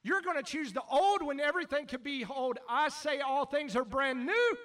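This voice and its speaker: A man preaching a sermon as pastor, animated, shouting at times and then dropping to quiet asides. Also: extremely high pitch, moderate pace, recorded from a distance.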